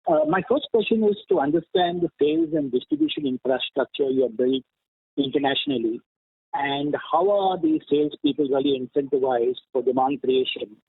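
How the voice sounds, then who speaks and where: A man, an analyst, asking questions on an earnings call, lively, with many fillers. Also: mid-range voice, a little fast, creaky, slightly rough, no echo. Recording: dry tinny phone line.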